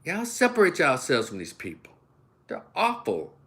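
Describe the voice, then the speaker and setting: A middle-aged Southern opinion host from Memphis, United States, rants through commentary on his channel, his Southern American voice on the high side, leaping up and down at normal speed. Animated and folksy, he acts out voices and imitations and calls his listeners y'all.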